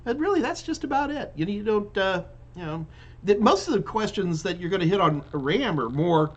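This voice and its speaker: A man hosts a live tech question-and-answer stream, reading viewers' questions aloud and answering off the cuff. His voice sits a little high for a man, and he talks loosely, circling back and restarting sentences, yawning from time to time. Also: sing-song, normal speed, highs cut off. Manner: loose and chatty, with frequent restarts and fillers. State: yawning repeatedly. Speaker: live Q&A host and IT trainer.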